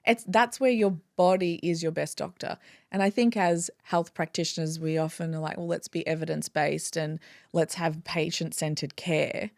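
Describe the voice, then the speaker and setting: Gravelly-voiced woman, dry close sound. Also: deep voice, normal speed, no room sound. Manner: animated, acts out inner dialogue in quotes. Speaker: guest, chiropractor. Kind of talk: casual interview chat.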